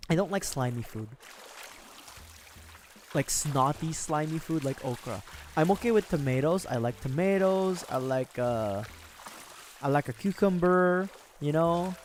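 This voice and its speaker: A man's voice: a little high, noisy background. A young man streaming, chatting casually and rambling, with frequent laughs. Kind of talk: casual livestream chat.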